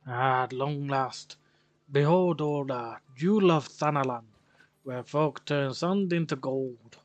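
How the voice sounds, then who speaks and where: A man's voice: medium pitch, slow, dry recording, lo-fi sound, lightly acted. Man putting on a folksy Scots-Irish merchant. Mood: friendly. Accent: put-on mix of Scottish and Irish. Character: chatty male traveling merchant, friendly.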